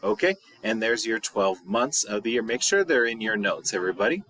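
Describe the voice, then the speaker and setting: A man teaching a recorded video lesson as a high school Spanish teacher, patient and repeating words slowly. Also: sing-song, fairly bright tone, a little hiss or hum.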